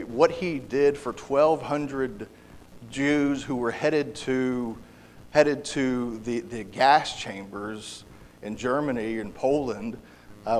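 A man delivers a sermon in a mid-pitched voice. He speaks earnestly and haltingly, stumbling over his words, repeating them and restarting his sentences. He pushes louder on the phrases he means to stress. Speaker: preacher.

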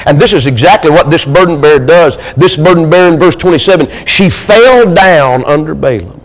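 A man preaching a sermon, swinging between loud pleading and hushed, intimate asides. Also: fairly high pitch, brisk, hardly any pauses, big-room sound, poor audio. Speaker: pastor. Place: church sanctuary.

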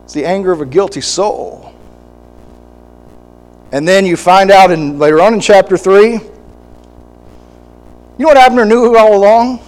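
A man preaching a sermon, animated and acting out quoted voices, with short laughs between points. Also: sits high, unhurried, long pauses, low-quality recording.

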